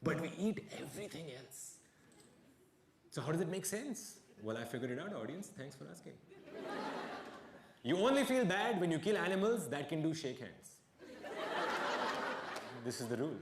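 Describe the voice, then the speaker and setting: A young man doing a stand-up comedy set on stage, with wry deadpan asides and bursts of mock outrage. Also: fairly high pitch, normal speed, pauses often. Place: stage before a live audience. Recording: echoey live venue with crowd noise.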